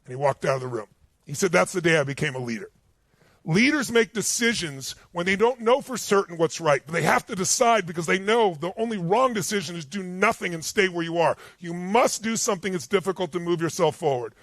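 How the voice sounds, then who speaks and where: A man giving a motivational seminar speech to a live audience, telling stories in an emphatic, animated way. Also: high-pitched, fairly quick, no echo. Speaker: motivational speaker. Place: stage before a live audience.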